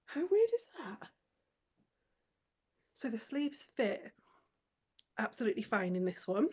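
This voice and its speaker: A British woman chats through a clothing try-on haul, exclaiming and making fun of herself as she goes. Her voice is a little husky and she speaks at an unhurried pace. The recording sounds slightly dull, as if picked up by the camera's own mic. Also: mid-range voice. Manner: chatty, exclaiming, self-deprecating. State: out of breath. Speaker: vlogger.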